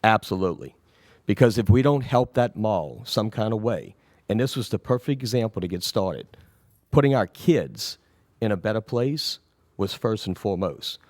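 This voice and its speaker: A man who is recovering from an illness, answering questions at a city council meeting in a rambling, reassuring way that often trails off quietly. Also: on the low side, expressive, moderate pace, no room sound, studio quality. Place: council chamber.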